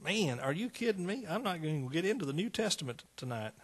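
A man's voice: fairly high pitch, sing-song, fast, breathy edge. A man preaching a fervent sermon, calling out to his congregation.

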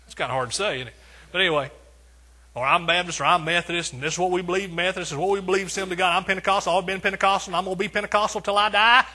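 Husky preacher man, emphatic and bright. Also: sits high, steady tone, rapid-fire. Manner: preaching with emphatic repetition and rising swells. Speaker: pastor. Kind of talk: sermon.

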